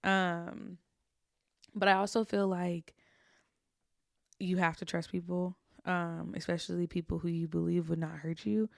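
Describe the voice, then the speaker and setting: Young woman, podcast host, gravelly low voice, unhurried, candid confessional storytelling, dry close sound. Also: level tone, dry recording.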